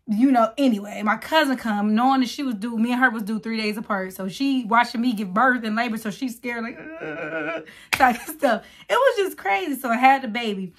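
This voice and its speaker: A woman, telling a casual story while getting ready, lively and acting out other people's voices. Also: on the high side, a little fast, few pauses. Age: late 20s. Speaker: vlogger.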